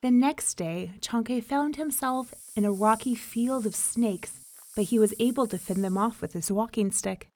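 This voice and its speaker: Slow, measured woman storyteller. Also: a little high, darkish tone. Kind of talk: storybook narration.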